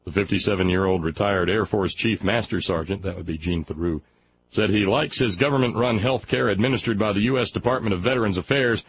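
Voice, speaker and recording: A man's voice: fairly low pitch, a little fast, muffled recording, slight background noise. A man from Alabama hosting a talk radio show, reading a news story aloud and breaking off into mocking, sarcastic asides. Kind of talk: sardonic commentary on a news story.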